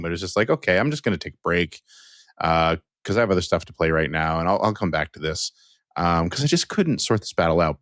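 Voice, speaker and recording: A man's voice: lowish voice, no echo, clean studio sound. A man co-hosting a podcast, talking in an easygoing, rambling way with many fillers. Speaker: podcast co-host. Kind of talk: casual chat.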